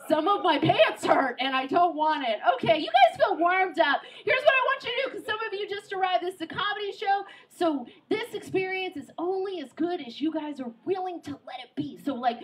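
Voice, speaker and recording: High-voiced woman doing stand-up. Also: rough recording. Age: 30s. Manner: animated, joking, quick asides. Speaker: stand-up comedian and show host. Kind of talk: stand-up comedy. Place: outdoor comedy show on a pier. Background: audience.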